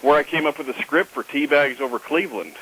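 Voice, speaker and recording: A man's voice: fairly high pitch, quick pace, sharp tone, slightly rough, low-quality recording. A man co-hosting a comic radio show, rambling and hesitant with many fillers. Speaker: co-host.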